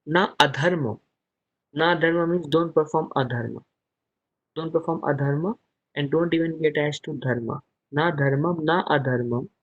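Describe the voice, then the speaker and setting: A man's voice: on the high side, moderate pace, dry recording, highs cut off. A man teaching a scripture class over a video call, explaining verses word by word and chanting Sanskrit lines. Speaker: spiritual teacher.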